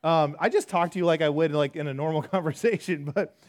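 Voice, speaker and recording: A pastor preaches to his church congregation conversationally and with self-deprecation, swinging between hushed and loud. His voice is fairly high and he speaks fairly quickly.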